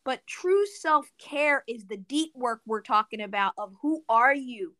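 A woman hosting a podcast interview, with a bright, forceful voice pitched a little high. She speaks emphatically, repeats key words for effect and is quick to affirm her guest. The recording is dry and close. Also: lively intonation, no room sound. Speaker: podcast host.

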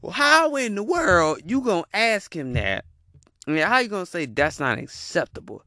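A man's voice: sits high, big pitch swings, moderate pace, pushed and bright, dry recording, studio quality. A man giving a heated, profane reaction rant, repeating his punchlines. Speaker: commentator reacting to a video.

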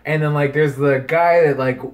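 A man co-hosting a podcast in casual chat, rambling and animated, swearing freely. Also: on the high side, normal speed. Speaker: podcast co-host.

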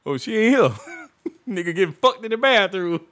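A man's voice: sits high, animated, normal speed, a bit bright, dry recording, clean studio sound. A man in casual chat, joking and teasing, laughing often.

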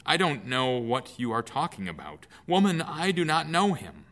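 A man's voice: very animated, moderate pace, a bit bright. A man reading scripture aloud, voicing a frightened male disciple who insists he does not know his teacher, his voice rising in protest. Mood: panicked denial. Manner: pitch rising sharply in protest.

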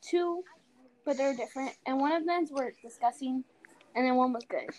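A woman's voice: sits high, normal speed, a little mellow, rough recording. A young woman co-hosting a casual chat, hesitant, giving short, uncertain replies. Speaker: podcast co-host.

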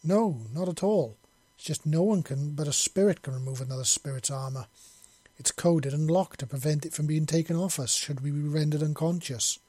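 A man's voice: on the high side, moderate pace, dark tone, breathy edge, dry recording. A man voicing a nervous young human soldier who speaks in an apologetic, anxious way.

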